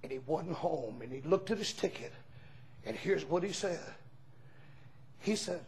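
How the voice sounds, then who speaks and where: A man preaching a revival sermon, folksy storytelling that bursts into shouts. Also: fairly high pitch, expressive, measured pace, long pauses, breathy edge, rough recording.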